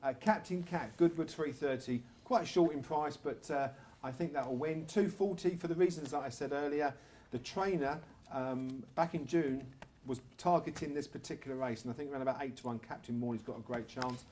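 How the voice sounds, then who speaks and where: A man's voice: mid-range voice, fairly quick, a little mellow. A man hosting a horse racing show, hesitant and repeating words as he links segments. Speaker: host.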